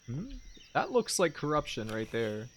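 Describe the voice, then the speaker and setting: A man's voice: mid-range voice, very animated, a little slow, background noise. A man streaming a video game, chatting casually with wry, rambling jokes and asides. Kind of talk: casual gameplay commentary.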